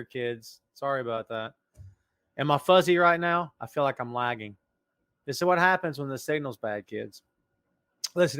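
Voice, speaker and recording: A man's voice: medium pitch, a bit bright, no echo, studio quality. A man hosting a casual podcast livestream, joking around and greeting viewers in the chat by name. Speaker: podcast host.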